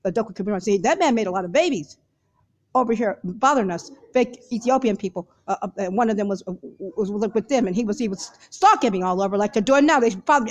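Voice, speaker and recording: A woman speaking to viewers in a hurried, rambling monologue full of repeated fillers and restarts. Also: medium pitch, animated. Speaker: video blogger.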